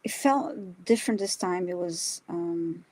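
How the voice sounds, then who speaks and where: A woman co-hosting a live psychic reading, speaking softly and hesitantly with many ums. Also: lowish voice, unhurried, rough recording. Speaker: psychic reader, co-host.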